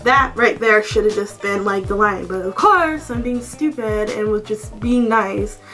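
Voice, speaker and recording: A woman's voice: medium pitch, a little slow, fairly bright tone, soft background music. A woman vlogger telling a storytime story in a blunt, exasperated way, full of "like". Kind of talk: storytime vlog.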